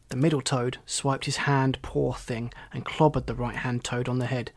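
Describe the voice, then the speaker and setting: A man reading a children's story aloud, gently and expressively, doing the characters' voices. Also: mid-range voice, little pitch movement, moderate pace, slightly rough, no room sound.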